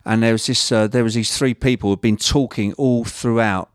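Brief: middle-aged male comic and actor, mid-pitch, close and dry, meandering anecdote. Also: fairly even intonation, normal speed, no echo. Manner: rambling, full of restarts, laughs through the story. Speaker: guest, actor and stand-up comedian. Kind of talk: casual chat, telling a story.

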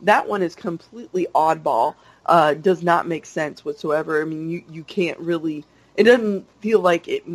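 A man co-hosting a podcast, talking about a TV trailer in an animated, playful, fan-like way. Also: a little high, moderate pace, hardly any pauses, no room sound. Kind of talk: casual chat about a TV trailer.

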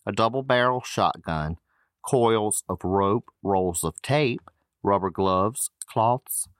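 Deep-voiced guy reading crime notes on a podcast, loose asides, dry sound. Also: slow pace, dry recording. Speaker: podcast host. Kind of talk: reading case notes in a casual chat.

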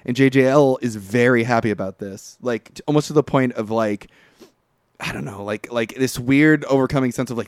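A man co-hosting a podcast, retelling a film's plot in a rambling, profane, animated way. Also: mid-range voice, normal speed, smooth, no echo, clean studio sound. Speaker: podcast co-host. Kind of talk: casual movie recap chat.

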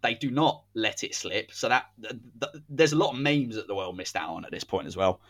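A man's voice: on the low side, animated, fairly quick, fairly bright tone. A man, hosting a podcast and telling a football story in a casual, dramatic way. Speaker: podcast host.

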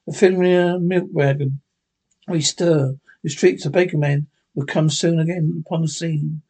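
Husky male storyteller. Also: fairly high pitch, steady tone, darkish tone. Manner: unhurried, with occasional stumbles. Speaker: narrator. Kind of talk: audiobook reading of a classic story.

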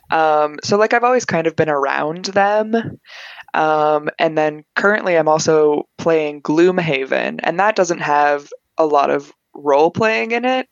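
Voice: mid-range voice, clean tone, no room sound, muffled recording. A new player in a casual chat about a tabletop game, talking in a rambling, filler-heavy way. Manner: chatty, rambling, many fillers.

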